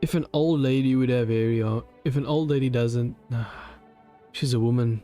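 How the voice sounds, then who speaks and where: A man's voice: mid-range voice, normal speed, mellow, faint music behind. A man giving casual gameplay commentary, reacting aloud in an emotional, slangy way. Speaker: gamer.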